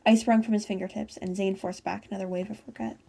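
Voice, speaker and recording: A woman's voice: medium pitch, steady tone, fast, creaky, warm tone. A woman reading fan fiction aloud in a casual way, stumbling and correcting herself as she goes. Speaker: fanfiction reader.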